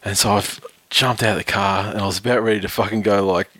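A low-pitched man in his thirties spins a sweary, animated story in casual podcast chat. His voice sits dry and close to the mic. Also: fast talker, breathy edge, no echo. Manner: profane, animated storytelling with laughs.

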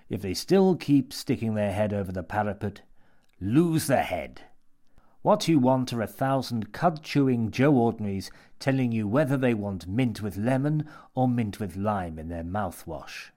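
A man's voice: lowish voice, darkish tone, close to an everyday voice. A man voicing a sinister mad old man with pierced lips, speaking in a theatrical, wheedling, lecturing way.

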